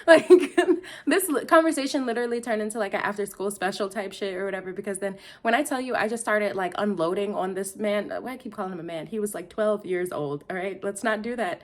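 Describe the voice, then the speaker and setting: A woman's voice: mid-range voice, fast. A young woman from Detroit telling a casual storytime monologue, rambling, interrupting herself and laughing often.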